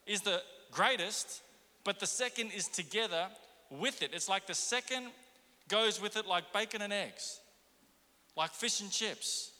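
A man preaching with a high, very bright and cutting voice. He presses the congregation with question after question. The sound carries a long reverb from the church around him. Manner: impassioned, rhetorical questions to the congregation. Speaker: pastor. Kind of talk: sermon.

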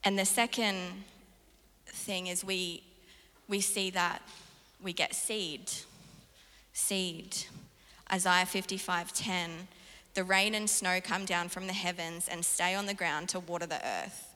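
A young woman preaching a sermon in an earnest, animated way. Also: on the low side, unhurried. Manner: earnest, animated storytelling with laughs. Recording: reverberant hall.

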